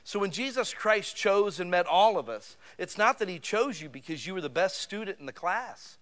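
A middle-aged man preaching a sermon as a pastor, in a folksy, animated way with everyday examples. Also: sits high, moderate pace.

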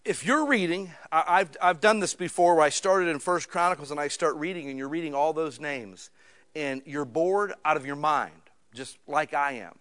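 A middle-aged male pastor preaching a sermon in a joking, conversational way, with lively asides between readings. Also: fairly high pitch, normal speed.

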